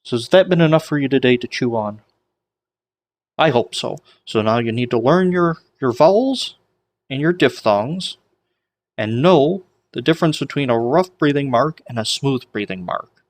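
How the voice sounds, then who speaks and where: A man's voice: medium pitch, expressive, moderate pace. Man teaching ancient Greek pronunciation. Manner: chatty, explains with homemade memory tricks. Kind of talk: online language lesson.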